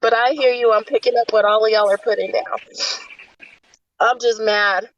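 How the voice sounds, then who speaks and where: A woman's voice: a little high, fairly even intonation, moderate pace. A woman hosting a livestream who talks bluntly and emotionally, with plenty of swearing. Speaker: livestream host. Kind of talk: emotional casual talk. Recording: dry, dull lo-fi audio.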